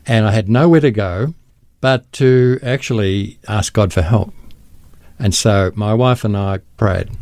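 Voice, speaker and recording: Mellow, gravelly man. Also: medium pitch, no echo, studio quality. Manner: earnest, thoughtful. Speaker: guest, ministry founder. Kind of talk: reflective radio conversation.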